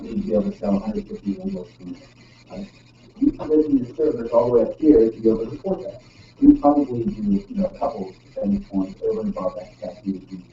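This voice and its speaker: A man presents a technical talk to an audience in a loose, chatty way, full of fillers and tag questions. His voice is low and mellow, picked up from a distance. The recording is muffled and dull, with faint background noise. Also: vocal fry, reverberant. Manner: casual, full of ums and frequent "right?" tag questions. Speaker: presenter at a user group meeting. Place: meeting room.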